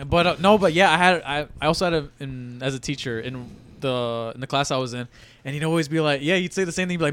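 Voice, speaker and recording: A young man with a slightly high voice talks with friends. He is easygoing and slangy, and he often says things twice. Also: quick pace, a bit bright, no echo. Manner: easygoing, slangy, repeats himself. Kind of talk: casual chat among friends.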